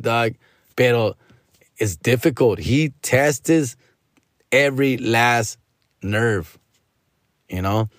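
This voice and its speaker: A podcast host with a mid-range voice, recorded dry and at studio quality, goes on a casual storytelling rant about a friend. He's animated, drops in Spanish slang, and acts out the friend's nagging.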